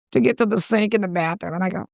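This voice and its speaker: Animated woman telling a story. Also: mid-range voice, a little fast, vocal fry, no room sound, clean studio sound. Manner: animated storyteller, acts out voices and cries. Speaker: podcast co-host. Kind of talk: casual chat, storytelling.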